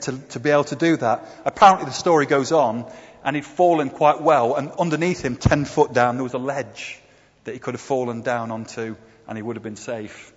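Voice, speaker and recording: Speaking at a fairly high pitch with a husky edge, this preacher talks through slides in a relaxed sermon, regularly asking listeners tag questions and using hesitant fillers. The hall recording is dull and echoey.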